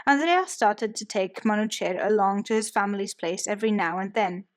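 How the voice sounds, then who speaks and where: A woman narrating a biography audiobook in a steady storytelling manner. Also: mid-range voice, normal speed. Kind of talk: scripted narration.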